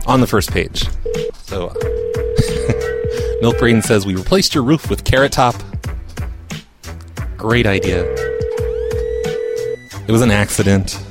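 A man making prank phone calls and chatting between them, stammering and teasing. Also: on the low side. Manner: mocking, stammering, playful. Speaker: prank caller. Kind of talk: prank call livestream chat.

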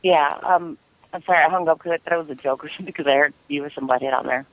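Polite hesitant male caller, high and quick. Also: muffled recording, a little hiss or hum. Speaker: caller answering an ad. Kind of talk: phone conversation.

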